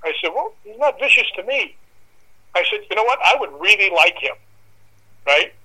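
A man's voice: high voice, normal speed, slightly rough, poor audio. A man telling a dramatic personal anecdote in an interview, acting out voices and growls as he goes. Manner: lively, acts out voices and dog growls. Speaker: guest storyteller.

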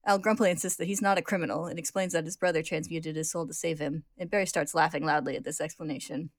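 A woman narrating a story recap in a lively, casual way, acting out the characters. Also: low-pitched, no room sound, clean studio sound. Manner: lively, brisk narration with acted voices.

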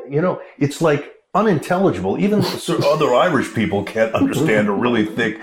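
A middle-aged American man, an actor, telling stories in a casual interview with lively, laughing delivery. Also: mid-range voice, normal speed, hardly any pauses. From United States. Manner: animated storyteller, laughs while talking. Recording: roomy echo.

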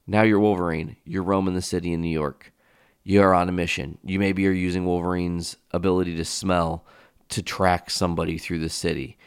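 Low-voiced, smooth male podcast host. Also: flat delivery, brisk, no room sound, clean studio sound. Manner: rambling, enthusiastic riffing with fillers; casual swearing. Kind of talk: casual solo podcast talk.

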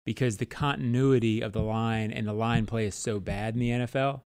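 A man co-hosting a sports talk show, breaking down roster questions in a measured, analytical way. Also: mid-range voice, fairly even intonation, a little mellow, clean tone, no echo, clean studio sound. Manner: measured, analytical, thinks aloud with fillers. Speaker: sports radio co-host.

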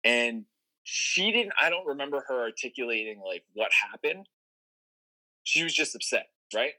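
Bright-voiced man telling a rambling story. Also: medium pitch, animated, moderate pace, poor audio. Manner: rambling, profane, lots of fillers. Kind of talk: casual storytelling chat.

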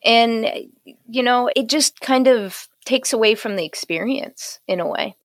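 A woman's voice: fairly high pitch, measured pace, no room sound. Woman host, reflective and supportive, dry close sound. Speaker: podcast host. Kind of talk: conversational interview.

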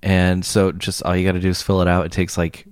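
A man's voice: low-pitched, completely flat delivery, a little fast, clean tone, dry recording, studio quality. A man co-hosting a casual comedy podcast, teasing and laughing often. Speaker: podcast co-host.

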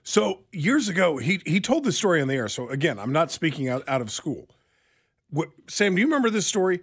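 A man's voice: on the high side, sing-song, fairly quick, a bit bright, husky. Teasing male radio co-host. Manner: storytelling, teasing, chuckling. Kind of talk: casual studio chat.

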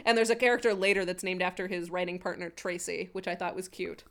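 A woman's voice: on the low side, steady tone, fast talker, fairly bright tone. A woman co-hosting a casual podcast recap, chatty and wry, reading from her notes and laughing easily. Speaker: podcast co-host.

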